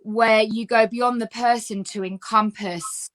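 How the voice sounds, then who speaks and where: A woman, a guest telling her life story in a casual, lively chat full of fillers. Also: a little high, a little slow.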